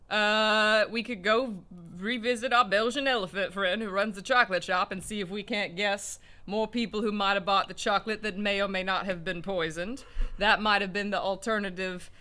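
Sitting high, his voice sounds pushed and bright. He's a Southern US let's play co-host who rambles and jokes through casual commentary on the game in front of him, often laughing and mocking himself.

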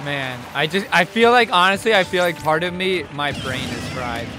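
A man hosting his own vlog speaks in a high, excitable voice, calling out to his viewers as he goes. Clear background music plays under his casual commentary. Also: moderate pace. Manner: excitable, talks straight to viewers. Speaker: streamer and video host.

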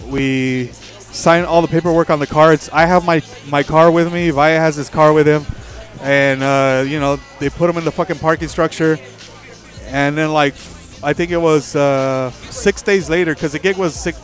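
A man hosting a livestream, telling a story in a profane, animated way, with faint music behind. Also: on the high side, moderate pace. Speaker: livestream host. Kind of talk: casual storytelling on stream.

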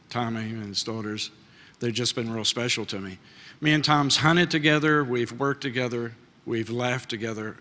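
A man's voice: medium pitch, bright, forceful tone. Folksy man giving a heartfelt acceptance speech. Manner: folksy and heartfelt, with many filler uhs. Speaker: award inductee. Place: large banquet hall. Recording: reverberant hall.

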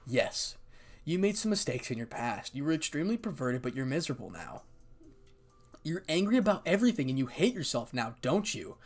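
A man reading a fan story aloud and voicing a gentle young woman with animal ears in a soothing, encouraging way. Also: medium pitch, very animated, a little fast.

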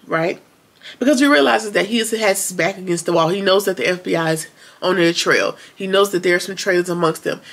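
A woman casually recapping a TV episode, retelling it in a colloquial, animated way with sarcastic asides. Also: fairly low pitch, vocal fry. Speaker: TV episode reviewer.

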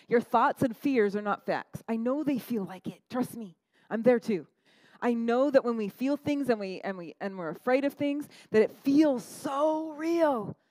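Animated woman pastor preaching. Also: a little high, no room sound, rough recording. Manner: animated, conversational, frequent "right?" asides. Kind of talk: sermon.

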